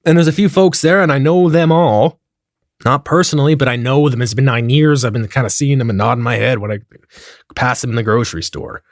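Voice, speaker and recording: A man telling a comedic story in a profane, animated way, acting out the dialogue as he goes. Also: mid-range voice, a little fast, dry recording, studio quality.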